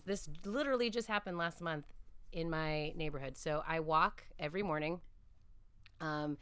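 A woman's voice: deep voice, fairly bright tone, clean tone, no room sound. A woman speaking as a podcast guest, telling reflective, earnest stories about her faith in a conversational interview.

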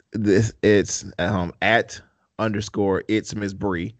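Laid-back low-voiced male podcast host. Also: fairly even intonation, slow, no echo. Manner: rambling, laid-back, lots of fillers and casual cursing. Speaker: podcast host and mental health therapist. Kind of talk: casual podcast chat.

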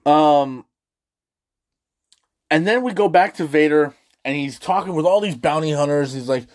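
Excitable man gushing about a movie. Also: fairly high pitch, unhurried. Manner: excitable, gushing, swears freely, lots of restarts. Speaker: movie review host. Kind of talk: casual movie review.

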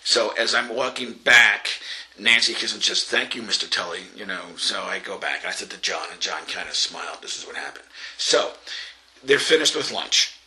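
Bright-voiced older man telling a story. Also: fairly low pitch, lively intonation, normal speed, rough recording. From Long Island, New York. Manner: storytelling, acts out quoted voices, laughs often. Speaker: interviewee. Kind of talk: telling an anecdote.

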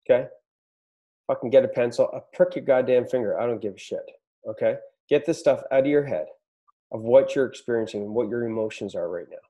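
This podcast host talks fairly quickly in a medium-pitched voice with a dark tone, firing off a blunt, profanity-laden pep talk meant to motivate business owners.

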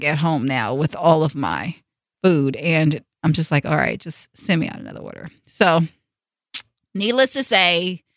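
Animated woman telling a story. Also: on the low side, dry recording, studio quality. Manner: animated, emphatic, acts out quotes. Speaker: host. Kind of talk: storytime vlog, casual chat.

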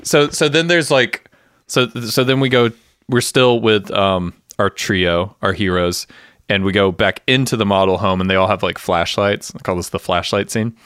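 A man co-hosting a podcast, chatting casually and acting out TV scenes with quick voices. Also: fairly low pitch, smooth, no room sound, clean studio sound. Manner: animated, acts out scenes with voices. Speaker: podcast co-host. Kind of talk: casual chat recapping a TV episode.

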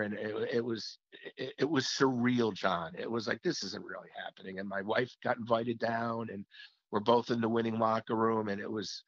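In a mid-range, fairly bright voice, a former hockey play-by-play caller shares reflective interview stories about the old days, frequently restarting his sentences. The slightly muffled lo-fi recording has no room sound.

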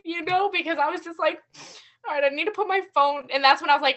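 A young woman co-hosting a podcast, telling stories and ranting in a casual, animated way, with lots of "like". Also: high-pitched, fairly quick. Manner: animated storytelling, ranting, heavy use of "like". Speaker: podcast co-host. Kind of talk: casual chat.

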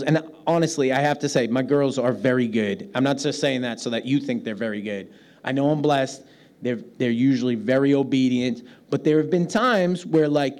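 A man with a New York accent, a pastor preaching a lively sermon, often laughing and acting out the voices of people he quotes. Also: fairly high pitch. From New York City, United States.

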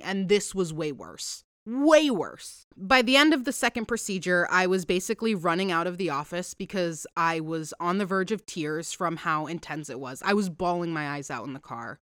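A woman's voice: fairly low pitch, dry recording, studio quality. A woman hosting a podcast, telling a story in casual chat with lots of swearing and rambling asides, at home. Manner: profane, rambling and animated. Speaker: podcast host.

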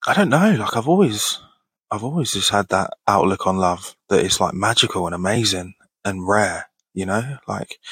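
Laid-back husky-voiced man in his thirties. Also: low-pitched, fairly bright tone, no room sound. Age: 30s. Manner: laid-back, laughs often, swears casually. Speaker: podcast host. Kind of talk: casual Q&A reading listener questions.

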